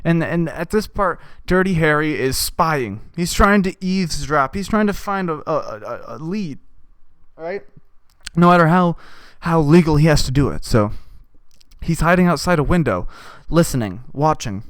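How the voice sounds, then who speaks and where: A man's voice: fairly high pitch, expressive, moderate pace, clear, resonant tone, no echo. A young man hosting a podcast, riffing profanely in a rambling comedic monologue and putting on voices for the people he quotes. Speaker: podcast host.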